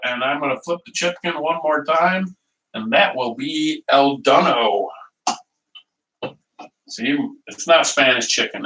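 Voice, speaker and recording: A high, sharp-toned man hosts a casual cooking livestream from his kitchen, rambling on, laughing frequently and greeting people by name. He's far from the mic in an echoey space, with slight background noise.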